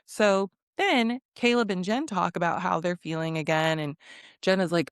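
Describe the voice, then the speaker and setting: Woman, casual recap, sassy and blunt, lowish voice, dry close sound. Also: animated, a little slow, a bit bright, smooth, no echo. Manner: sassy, blunt, profane, laughs often. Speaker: recap vlogger.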